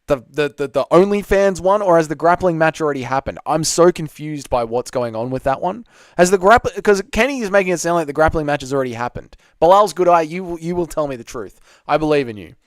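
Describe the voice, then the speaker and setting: A man's voice: on the high side, expressive, fairly quick, no echo, studio quality. A man hosting a casual livestream Q&A, reading chat questions aloud and bantering back.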